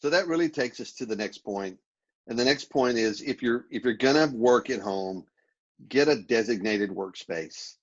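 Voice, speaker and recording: A man giving relaxed, practical advice as a guest in a casual remote interview, often repeating his words as he talks. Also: mid-range voice, moderate pace, husky, dull audio. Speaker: interview guest, productivity speaker.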